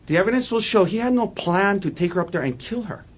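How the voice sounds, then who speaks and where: A man giving a defense opening statement in a courtroom, walking the jury through events in an earnest, halting way with frequent restarts. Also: sits high, animated. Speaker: defense attorney.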